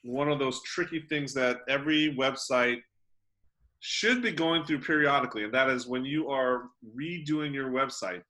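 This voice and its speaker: A man co-hosting a podcast in a playful, joking way, often pausing with "um". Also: medium pitch, bright, forceful tone. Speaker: podcast co-host. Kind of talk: casual podcast chat.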